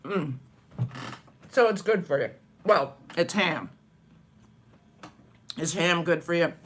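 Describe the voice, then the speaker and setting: A woman's voice: fairly low pitch, expressive, slow pace, slight background noise. A woman vlogging casually over breakfast at home, chatty and rambling, laughing often. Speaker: vlogger and dance teacher.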